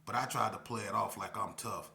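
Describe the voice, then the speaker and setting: A man's voice: lowish voice, steady tone, a little fast, vocal fry, pushed and bright. A man casually telling a personal story in slangy, candid speech, repeating himself and acting out dialogue.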